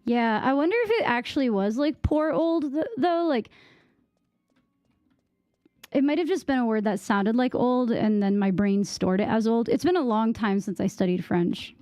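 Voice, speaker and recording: A woman's voice: a little high, normal speed, a little mellow, dry recording, clean studio sound. A young American woman chatting casually with viewers on a game stream, giggling and trying out bits of French. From United States.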